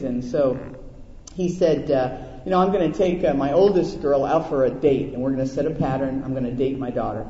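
Male pastor, middle-aged, folksy storyteller, mellow tone, dull lo-fi hall recording. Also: a little high. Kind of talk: sermon. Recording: echoey hall, dull lo-fi sound.

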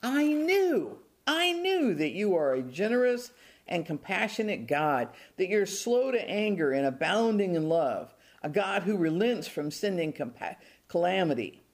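A preacher voicing a sulking, irritated prophet. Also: male voice, sits high, sing-song, measured pace, full character voice. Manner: whiny, complaining, pleading.

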